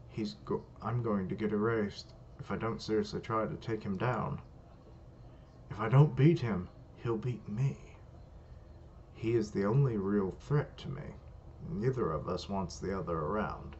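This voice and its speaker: A man's voice: fairly low pitch, a little mellow, a little hiss or hum. A man voicing an arrogant male spirit posing as a god, with a slight British accent and a taunting, boastful manner, as he reads manga dialogue aloud. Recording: muffled lo-fi recording.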